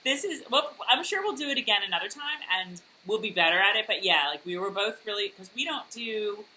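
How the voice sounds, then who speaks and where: Woman co-host, casual chat on a video call, animated and bright, many "um"s. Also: mid-range voice, brisk, a little hiss or hum, rough recording. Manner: giggly, rambling with many fillers. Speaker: podcast co-host.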